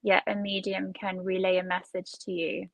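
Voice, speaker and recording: A woman's voice: mid-range voice, monotone, normal speed, vocal fry, a bit bright, no echo, low-quality recording. A woman who is a guest on a casual chat, asking one question after another. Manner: inquisitive, asks many questions.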